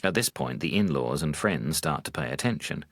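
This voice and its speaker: A Buddhist monk telling wry teaching stories in a deep, low voice. His pitch rises and falls animatedly for the punchlines. The recording is dry and close. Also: expressive, breathy edge, no room sound. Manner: dry humor, measured. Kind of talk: storytelling talk.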